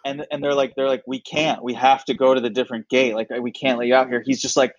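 A man's voice: mid-range voice, flat delivery, quick pace, no room sound, lo-fi sound. A man, a comedian guest, telling a story in casual chat and acting out other people's lines.

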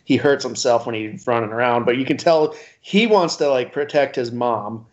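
A man's voice: mid-range voice, moderate pace. A man co-hosting a casual podcast chat, hesitant with many fillers and chuckles. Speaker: podcast co-host. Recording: dull lo-fi podcast audio.

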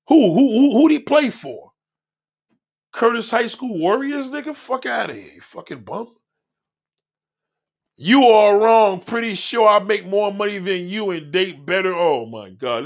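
Animated, profane male streamer ranting. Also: a little high, husky. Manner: loud, animated, heckling and mocking. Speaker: livestream host. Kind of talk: profane live-chat rant.

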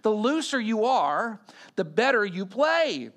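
A man with a high-pitched, unhurried voice preaches a sermon, animatedly telling stories and acting out the quotes within them.

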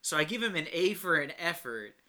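A man's voice: on the high side, sing-song, a little fast, pushed and bright. A man co-hosting a casual movie review chat, laid-back and wry, hedging with fillers. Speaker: podcast co-host.

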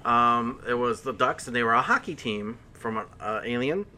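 A man's voice: medium pitch, expressive, normal speed, pushed and bright. A man hosting a casual podcast chat, eager and rambling as he talks. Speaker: podcast host.

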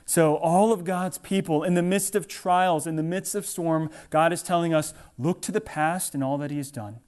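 A male preacher with a fairly high-pitched voice delivering a sermon. He speaks earnestly and dramatically, pushing some lines loudly and dropping others to a hush. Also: normal speed. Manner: earnest, dramatic swings from loud urging to hushed near-whisper.

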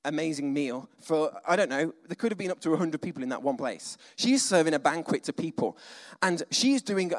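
A male preacher giving a conversational, animated sermon, full of asides and dramatic sighs. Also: on the high side, fairly quick. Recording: long hall reverb.

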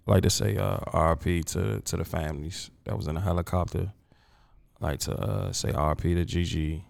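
A man's voice: low voice, a little fast, gravelly. A grieving man in casual conversation, rambling emotionally and repeating himself, often trailing off and starting over. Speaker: guest.

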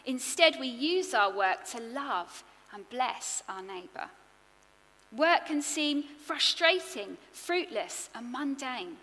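A woman preaching a sermon, earnest and expressive, building her points in rhythmic lists. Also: high voice, slow, in a large hall.

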